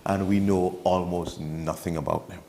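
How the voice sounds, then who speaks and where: A man's voice: sits low, fairly even intonation, moderate pace, darkish tone, slight background noise. A man with a Trinidadian accent, a guest on a morning TV show, chatting and joking as he explains animals with local sayings. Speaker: studio guest explaining wildlife. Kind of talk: casual chat on a morning TV show. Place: TV studio.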